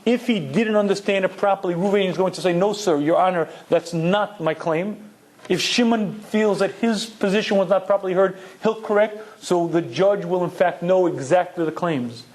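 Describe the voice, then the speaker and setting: A man's voice: sits high, a little fast, hardly any pauses, a little mellow. A man giving a Torah lecture, emphatic and full of rhetorical questions, dropping in Hebrew terms. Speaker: Torah teacher.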